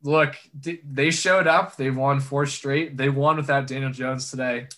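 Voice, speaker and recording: A man's voice: mid-range voice, steady tone, a little slow, sharp tone. A young man co-hosting a casual sports chat, joking and sarcastic, laughing often. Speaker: sports podcast co-host.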